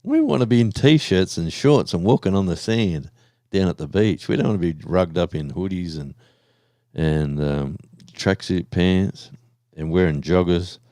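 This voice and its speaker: A man's voice: low-pitched, animated, a little slow, a little mellow, no echo, studio quality. An Australian man chatting casually and rambling on a live stream, talking to his viewers in an easygoing way.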